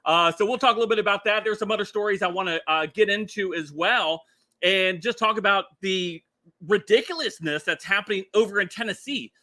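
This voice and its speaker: A man's voice: high-pitched, fairly quick, bright, forceful tone. A middle-aged man hosting a casual commentary livestream, rambling and chuckling with lots of filler words. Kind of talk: casual political commentary stream.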